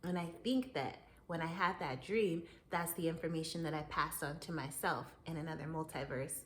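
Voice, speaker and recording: A woman hosting her own show, telling a story in a casual monologue, animated and often breaking into laughter as she talks straight to the listener. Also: low voice, moderate pace, slight background noise. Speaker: podcast host.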